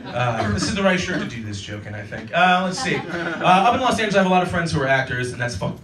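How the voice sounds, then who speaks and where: High-voiced animated man doing stand-up. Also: fast, a loud crowd. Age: 30s. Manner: animated, acts out characters in silly voices. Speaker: stand-up comedian. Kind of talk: stand-up set. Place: comedy club stage. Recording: roomy club audio from a distance. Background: audience laughter.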